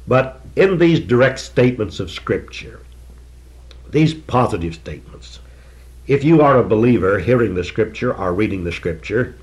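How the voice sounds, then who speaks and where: An older man preaching a sermon in an earnest, emphatic way, repeating key phrases and slowing down to stress them. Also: mid-range voice.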